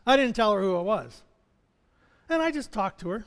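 Preaching loosely and conversationally, this male chaplain weaves personal stories into his sermon, chuckling a lot and tripping into restarts. His voice sits high with a slightly bright tone, and the recording carries a long hall reverb.

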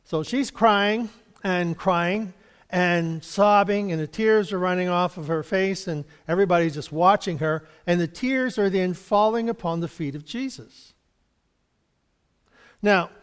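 A man's voice: high-pitched, smooth, in a large hall. A man giving an informal Bible study, chatty and rambling, chuckling often and acting out little exchanges. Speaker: Bible teacher.

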